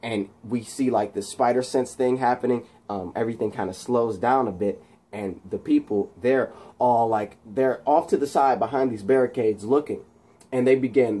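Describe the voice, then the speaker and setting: A man casually retelling a movie scene, excitedly and with lots of sound effects and fillers. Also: mid-range voice, moderate pace. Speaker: channel host.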